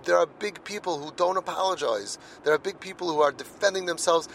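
A man's voice: high-pitched, a little fast, a bit bright, slight background noise, low-quality recording. A middle-aged man speaking earnestly about parenting, telling personal stories and repeating words when he presses a point. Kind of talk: heartfelt monologue.

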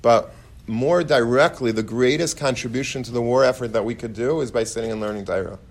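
A man's voice: mid-range voice, brisk. A man giving an informal sermon to a study hall in a conversational way, with restarts and many Hebrew and Yiddish terms. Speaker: rabbi giving a Torah talk.

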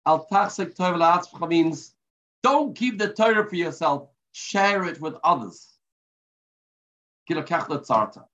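A man's voice: on the high side, lively intonation, a little slow, a bit bright. A man giving a weekly religious lesson, telling a parable and mixing in Hebrew terms. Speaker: Torah teacher. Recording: dull lo-fi recording.

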